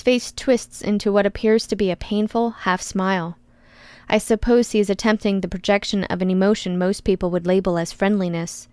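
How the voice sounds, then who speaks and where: A woman's voice: medium pitch, fairly even intonation, a little fast, a little mellow, clear, resonant tone, no echo. A woman narrating an audiobook in the first person, with a wry, sarcastic edge.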